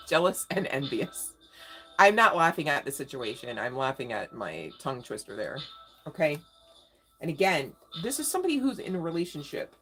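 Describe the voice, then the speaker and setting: Slangy woman reading tarot live, kinda low voice, faint music going behind her. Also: fairly bright tone. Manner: slangy, emphatic, talks straight to viewers. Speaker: tarot reader.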